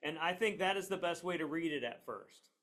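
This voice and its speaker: A middle-aged man teaching a percussion class in a relaxed, chatty way, with frequent fillers and "okay?" checks. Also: a little high, fairly quick. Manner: relaxed, chatty, with many fillers and tag questions. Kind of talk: classroom lesson. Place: classroom near a train line.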